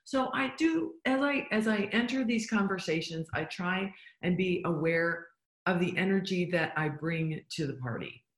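A woman's voice: fairly low pitch, expressive, moderate pace. Emphatic woman coaching in an echoey room. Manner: emphatic, asks the listener rhetorical questions. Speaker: business coach. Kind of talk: motivational business talk.

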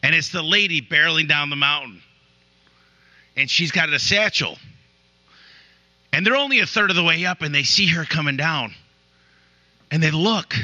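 A man's voice: on the high side, lively intonation, moderate pace, pauses often, pushed and bright, highs cut off. A man giving a motivational talk to a room, telling stories and often restarting his sentences. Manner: storytelling with repeated restarts. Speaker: business owner giving a talk. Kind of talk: motivational speech. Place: room with an audience.

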